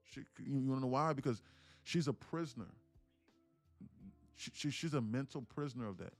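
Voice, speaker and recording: Speaking at medium pitch and a moderate pace, a roughly 30-year-old man streams live to viewers about day trading and shares a heartfelt story. He's emphatic, repeats "listen, look" over and over, and curses casually; the close, dry mic catches faint background music.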